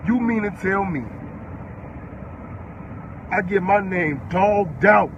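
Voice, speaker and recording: On a live stream, an eighteen-year-old man with a high voice rants furiously and profanely, upset and worked up, firing the same questions over and over. He speaks slowly, and the lo-fi recording carries background noise.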